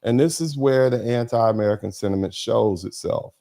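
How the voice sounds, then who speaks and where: A man's voice: mid-range voice, normal speed, vocal fry, dark tone. A man hosting a political commentary livestream, talking emphatically with lots of repetition. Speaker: host of a commentary broadcast.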